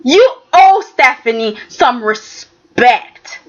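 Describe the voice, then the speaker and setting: Emphatic high bright-voiced woman, lo-fi. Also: very animated, unhurried. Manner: emphatic, exasperated, keeps asking "okay?". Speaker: soap opera reviewer. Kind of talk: casual opinionated review. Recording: dull lo-fi sound.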